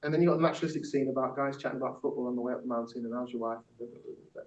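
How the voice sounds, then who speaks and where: Racing through his words, a Yorkshire man with a mid-range voice keeps a fairly even intonation. He's facilitating a theatre workshop, performing spoken word poetry with punchy rhythm before a group discussion, and the echoey room recording is distant and dull.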